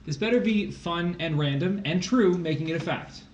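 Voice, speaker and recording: A male tutor with a slightly high voice, bantering and teasing his co-host as he reads test questions aloud. The sound is roomy and echoey, with a faint hum of background noise behind him. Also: expressive, normal speed, lo-fi sound. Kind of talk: casual livestream tutoring.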